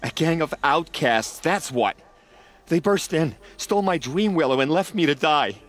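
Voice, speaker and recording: A man's voice: a little high, expressive, normal speed, close to an everyday voice. Man voicing a indignant selfish healer. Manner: indignant, dramatic complaining. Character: selfish, complaining male village healer. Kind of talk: game character dialogue.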